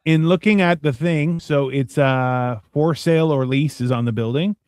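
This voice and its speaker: Male co-host, fairly high voice, dry close sound, wisecracking profane movie commentary. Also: moderate pace, a little mellow, smooth, dry recording. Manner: joking and profane, with mocking voices for characters. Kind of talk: casual movie watch-along chat. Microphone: live stream microphone.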